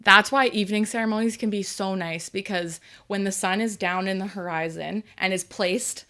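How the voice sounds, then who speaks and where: A woman co-hosting a podcast as a wedding photographer, chatting casually with lots of "like" and quick agreement. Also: medium pitch. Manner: animated, filler-heavy, agreeable. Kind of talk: casual chat.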